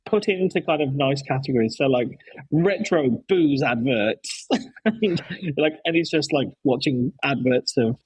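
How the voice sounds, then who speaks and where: A man's voice: fairly high pitch, lively intonation, a little slow, a little mellow, breathy edge, dry recording, poor audio. A man hosting a casual podcast, telling stories with enthusiasm and lots of restarts. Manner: rambling, enthusiastic, many restarts. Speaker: podcast host, dad.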